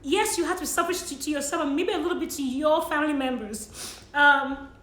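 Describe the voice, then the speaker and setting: A young woman speaks to her viewers in a high, tearful voice, sniffling as she talks. She keeps apologizing and laughs through the tears. The room has a noticeable echo. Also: brisk, fairly bright tone. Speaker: vlogger sharing money tips. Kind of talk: emotional personal vlog.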